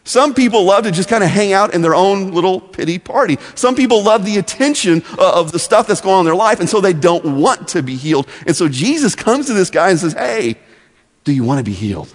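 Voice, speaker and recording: A man teaching a Bible lesson as a story, animated and often repeating words as he starts. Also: high-pitched, brisk, few pauses. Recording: long echoey hall reverb.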